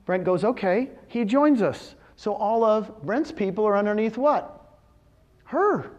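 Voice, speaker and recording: In a muffled recording, a high-pitched man gives a live seminar talk to real estate agents in a meeting room with an audience present. He's animated, telling success stories and firing quick questions at the crowd.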